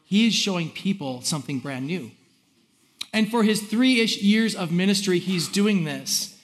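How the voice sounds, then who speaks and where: A pastor with a high, unhurried voice preaches a sermon in a conversational, animated way. He reads scripture aloud and acts out how the crowd reacted.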